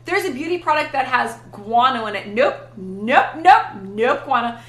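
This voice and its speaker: A woman's voice: on the high side, animated, moderate pace, roomy sound, rough recording. A young woman chatting casually and bluntly on a livestream while cooking at home, swearing freely. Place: home kitchen.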